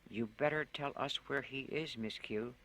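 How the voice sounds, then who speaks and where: A quiet, fierce young girl from a spoken story, speaking low and slow with a bright edge, as a male reader gives her lines. There is threat under the calm. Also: close to an everyday voice. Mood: threatening.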